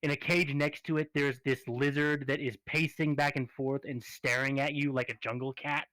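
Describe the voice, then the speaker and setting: A man narrating a tabletop game as game master, describing scenes in an unhurried way. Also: mid-range voice, little pitch movement, fairly bright tone, no echo, rough recording.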